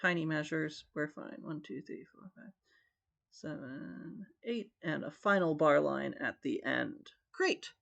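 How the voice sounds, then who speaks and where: A man's voice: fairly high pitch, a little slow, creaky, fairly bright tone, dull audio. A man teaching a recorded music theory lesson, talking through each step and singing rhythms on syllables. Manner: thinks aloud, sings rhythms on syllables.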